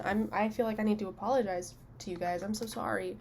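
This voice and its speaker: A young woman makeup vlogger chatting casually and telling a story while she applies eyeshadow, self-mocking and quick to laugh. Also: medium pitch, fairly even intonation, a little mellow.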